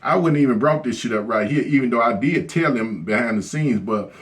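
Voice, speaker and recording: A man's voice: mid-range voice, a little fast. A man telling a story as a profane, blunt rant, cursing constantly and repeating "you know what I'm saying". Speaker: vlogger.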